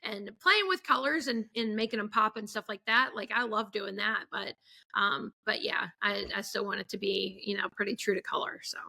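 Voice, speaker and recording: Her voice is medium-pitched, creaky, pushed and bright, at a moderate pace. A photographer guesting on a podcast, she chats casually, telling stories full of fillers and acting out what people said.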